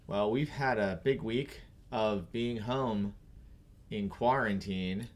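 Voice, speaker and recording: A man's voice: on the low side, slow pace. Teasing man co-hosting a game stream. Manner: teasing, loose and rambling. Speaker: podcast co-host. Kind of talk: casual livestream chat.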